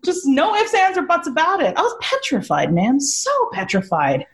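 Animated, laughing woman guest on a video call. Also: high-pitched, normal speed. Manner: animated, laughing, swears freely. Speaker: podcast guest. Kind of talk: emotional storytelling chat.

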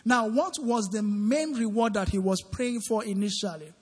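A man with a high voice preaches in an interactive style, quizzing his congregation and prompting them to call back answers. His voice rings through a large church hall with a long tail of reverb. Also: normal speed, breathy edge. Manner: questioning the congregation, call-and-response. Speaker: preacher leading a midweek Bible study. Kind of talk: interactive sermon. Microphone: handheld microphone.

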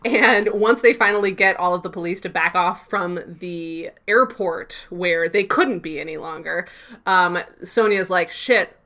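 A woman's voice: lowish voice, a little slow, fairly bright tone. A woman co-hosting a casual podcast, animatedly recapping a TV episode, laughing often and acting out the characters' lines. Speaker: podcast co-host.

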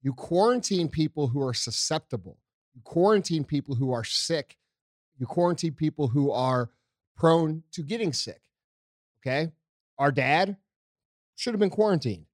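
A man's voice: a little high, animated, normal speed, long pauses, no echo, clean studio sound. An American man ranting angrily on a podcast, swearing constantly. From United States. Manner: angry, profane ranting. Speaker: podcast co-host.

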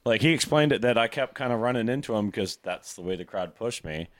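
Low-voiced young man, dry close sound. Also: dry recording. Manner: relaxed, drawn-out storytelling with lots of fillers. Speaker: podcast co-host. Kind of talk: casual chat while tasting beer.

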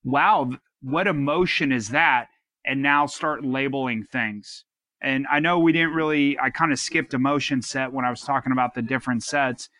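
A man with a bright, forceful voice, recorded dry and close, talks through advice on a casual podcast. He is earnest and rambles, restarting his sentences often. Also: medium pitch, steady tone, moderate pace, no room sound. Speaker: podcast co-host. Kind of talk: casual advice-giving talk.

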